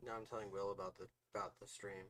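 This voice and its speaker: A man's voice: fairly low pitch, level tone, fast talker, a bit bright, slight background noise. A man co-hosting a casual livestream podcast as an author, rambling and swearing freely between laughs.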